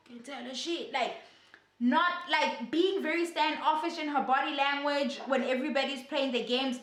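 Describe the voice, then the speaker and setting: A young woman, chatting through a casual gossip vlog in a sassy, animated way. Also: high-pitched, normal speed, roomy sound. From South Africa. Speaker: YouTuber.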